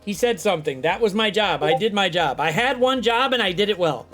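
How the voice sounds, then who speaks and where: A man with a notably high voice hosts a late-night chat. He tells his stories in an animated rush, swearing freely. Faint music plays underneath. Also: fairly quick. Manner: animated, profane storytelling. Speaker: host. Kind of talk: casual chat.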